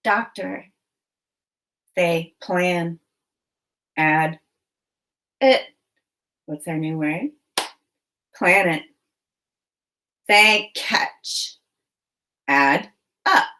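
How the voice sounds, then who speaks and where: A woman leads a phonics lesson for children. She speaks very slowly and clearly, with encouraging prompts. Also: fairly low pitch, bright, forceful tone, a little hiss or hum, low-quality recording. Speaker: teacher.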